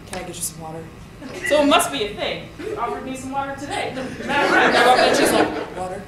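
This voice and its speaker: Animated woman storyteller in echoey hall. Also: medium pitch. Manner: animated storyteller, acts out quotes, laughs often. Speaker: poet giving a lecture. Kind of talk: storytelling talk. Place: lecture hall. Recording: echoey hall with room noise.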